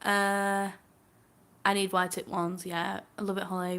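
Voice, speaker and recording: A woman's voice: lowish voice, little pitch movement, moderate pace, fairly bright tone. A chatty young woman, giggling as she reads viewer comments aloud during a casual live stream from home.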